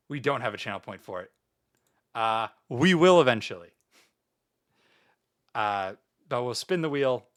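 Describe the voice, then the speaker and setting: A man's voice: mid-range voice, expressive, unhurried, long pauses. A man chatting casually on a livestream as a VTuber, playful and mock-grandiose, swearing often. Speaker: VTuber streamer.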